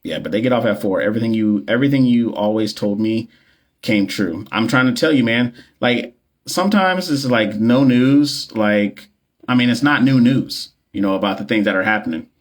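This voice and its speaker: A man with a slightly low voice talks casually into his phone during a livestream. He is a nurse and coach who rambles in a loose, slangy way, cracking jokes and filling gaps with "like" and "you know.". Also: moderate pace. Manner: loose, slangy and joking, with many fillers and repeats. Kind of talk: casual livestream chat with viewers.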